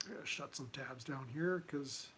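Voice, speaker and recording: A man hosting a casual commentary livestream, talking in a halting way with many restarts and fillers. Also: medium pitch, pushed and bright, a little hiss or hum. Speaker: livestream host.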